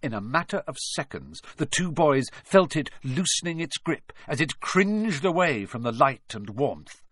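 A man reading a children's storybook aloud, with expressive, dramatic narration. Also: on the high side, unhurried, no echo. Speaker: audiobook narrator.

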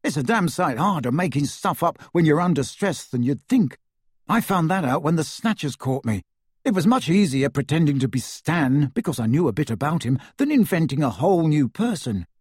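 A man's voice: a little high, sing-song, normal speed, a little mellow, breathy edge, dry recording, studio quality. A man reading aloud voices a blunt, easygoing teenage boy wizard who argues casually. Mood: casual, arguing.

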